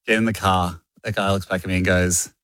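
A man's voice: low voice, steady tone, fairly quick, a bit bright, clear, resonant tone, no room sound, studio quality. An Australian man co-hosting a casual chat, telling a story animatedly and laughing often. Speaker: co-host.

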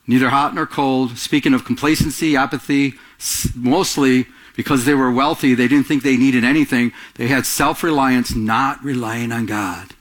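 A man preaching a sermon, animated, acting out quotes in a raised voice and often restarting his phrases. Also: medium pitch, normal speed, few pauses. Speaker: pastor.

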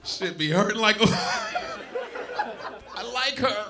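A man's voice: high voice, lively intonation, takes it slowly, noisy background. A man doing a crude stand-up set in a comedy club, laughing at his own jokes and acting out voices. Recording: club with loud audience laughter.

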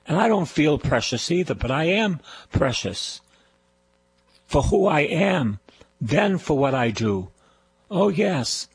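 A man's voice: a little high, slight background noise, poor audio. An older man with a Boston accent preaching a radio sermon, emphatic and repetitive as he exhorts his listeners. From Boston, USA.

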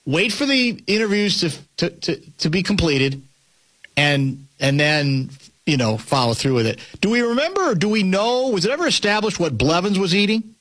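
Animated guy co-hosting sports talk, high voice, bright sound, keeps laughing. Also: normal speed. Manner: animated, laughs often, restarts sentences. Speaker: sports talk show co-host.

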